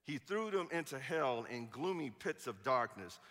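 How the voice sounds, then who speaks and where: Playful preacher guy, bright voice, big echoey church hall. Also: medium pitch, normal speed. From Chicago. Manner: animated storyteller, playful. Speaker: pastor. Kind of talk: sermon with jokes.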